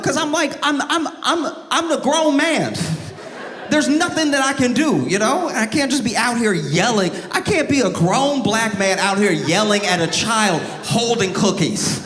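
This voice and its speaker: A man doing stand-up comedy on stage, telling stories with animated, high-pitched exasperation. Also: moderate pace, a little hiss or hum. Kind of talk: stand-up set. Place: comedy club stage with a live audience. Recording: live venue with long reverb. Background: audience laughter.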